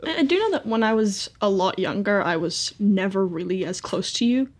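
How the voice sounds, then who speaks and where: A woman's voice: mid-range voice, animated, normal speed. A teenage woman, speaking thoughtfully and earnestly about her family. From New Zealand. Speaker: daughter of the guests. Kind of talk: reflective family conversation.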